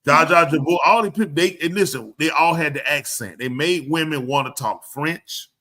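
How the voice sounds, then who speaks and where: A man talks animatedly on a live show, pressing every point hard. His voice is bright and sits a little high. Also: moderate pace. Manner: animated, emphatic storyteller. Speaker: show host. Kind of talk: live show casual talk.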